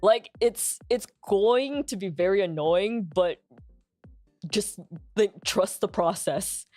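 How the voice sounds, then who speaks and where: A woman's voice: medium pitch, slow pace, darkish tone, no echo, soft background music. A young woman streamer chatting casually, coaching a friend on voice training and filling her speech with "like". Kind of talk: casual chat giving voice-training advice.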